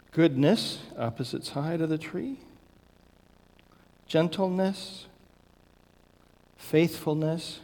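A male pastor delivers a sermon in a church sanctuary, his voice a little higher than most men's. He lists things slowly and deliberately, leaning on key words, and a long reverb trails behind him. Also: a little mellow. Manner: slow, deliberate listing with emphatic stresses.

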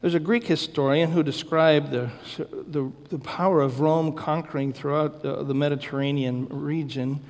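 A male pastor delivers a sermon in a church sanctuary, his voice a little higher than most men's. He lists things slowly and deliberately, leaning on key words, and a long reverb trails behind him. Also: fairly even intonation, a little mellow. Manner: slow, deliberate listing with emphatic stresses.

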